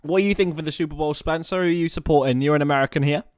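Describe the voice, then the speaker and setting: A man's voice: on the high side, very fast, clean tone, no room sound, studio quality. A young man hosting a casual live stream, rambling, joking about himself and reading out viewer comments. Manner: chatty, rambling, self-mocking, reads chat aloud. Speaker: livestream host. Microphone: webcam or computer mic.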